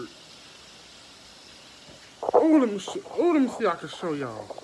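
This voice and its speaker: With huge pitch swings, moderate pace, and long pauses, a mid-range-voiced woman chats casually into her phone for a vlog outside in the rain, blunt and swearing freely. Rain noise is loud against the phone mic.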